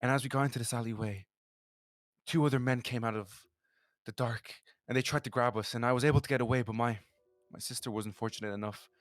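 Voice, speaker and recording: Desperate young woman seeking allies, voiced plainly by a man; halting, pleading delivery. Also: medium pitch, steady tone, no room sound, studio quality, close to an everyday voice. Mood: grieving. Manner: pleading, hesitant, many restarts. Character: desperate young woman searching for her sister.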